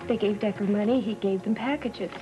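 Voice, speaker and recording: A woman's voice: medium pitch, brisk, highs cut off, music in the background, close to an everyday voice. An actress playing a nervous young woman witness who stammers and dodges questions, in 1980s soap opera acting. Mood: tense. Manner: hesitant, stammering, evasive.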